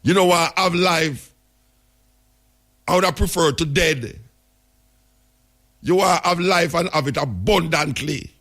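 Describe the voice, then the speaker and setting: A man's voice: on the high side, unhurried, pauses often, fairly bright tone. A man with a Jamaican accent, hosting a talk radio show and telling stories in patois. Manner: storytelling in Jamaican patois, emphatic. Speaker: radio host.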